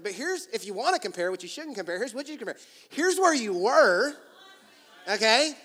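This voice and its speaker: A man preaching a sermon to his church, animated and acting out inner voices with quick asides to the congregation. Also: very high voice, in a large hall. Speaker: pastor. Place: large church hall.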